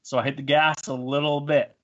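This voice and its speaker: A man's voice: on the high side, little pitch movement, fairly quick, fairly bright tone, muffled recording. A man, telling a story in a rambling, self-mocking way on a podcast. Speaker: podcast co-host. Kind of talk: casual storytelling.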